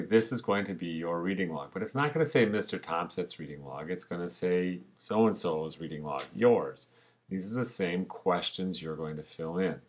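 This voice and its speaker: A teacher narrates a screencast tutorial in a relaxed manner, explaining each step as he clicks through it. He has a low voice.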